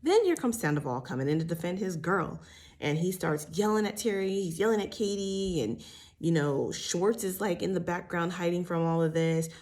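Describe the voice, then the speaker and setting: A woman's voice: lowish voice, normal speed. A woman giving a chatty, blunt recap of a reality show, with lots of fillers and the odd swear word. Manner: animated retelling with many fillers. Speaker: TV recap host. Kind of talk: casual gossip recap.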